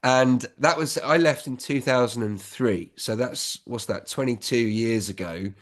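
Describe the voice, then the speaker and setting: A man's voice: medium pitch, a little slow. A man in his fifties, a business school founder giving candid, reflective advice in a casual, conversational way.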